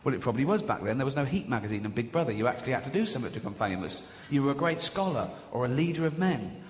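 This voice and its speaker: A man's voice: medium pitch, lively intonation, very fast. A man doing a stand-up comedy routine, telling stories in a conversational way and acting out the voices of the people in them. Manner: conversational storytelling, acts out quoted voices. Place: large comedy venue stage. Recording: live venue with long reverb and audience noise. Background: audience ambience.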